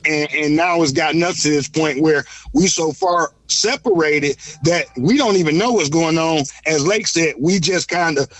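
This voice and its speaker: Caller guy, kinda high voice, stumbles over words a lot, dry sound. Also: fairly bright tone, dry recording. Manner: halting, repeats words, rhetorical "you know what I'm saying". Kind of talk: phone-in commentary.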